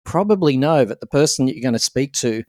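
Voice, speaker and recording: A man asks gentle, sympathetic questions as an interviewer. His voice is recorded dry and close, and his pitch sits in a middle range. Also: lively intonation, quick pace, no room sound.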